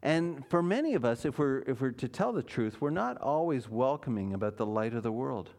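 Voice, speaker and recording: A man's voice: medium pitch, very animated, a little fast, darkish tone. A man, a pastor, preaching a sermon in church, earnest and emphatic, asking his listeners questions.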